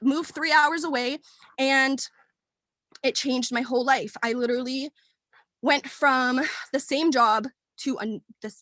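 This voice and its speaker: A young woman in her twenties speaks in a high voice, close to tears as she rambles through a heartfelt personal story. She fills her talk with fillers and restarts. The sound is dry, with no room echo. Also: a bit bright. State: tearful, near crying. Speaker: team member sharing her story. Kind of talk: emotional personal testimony. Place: work meeting, dry room.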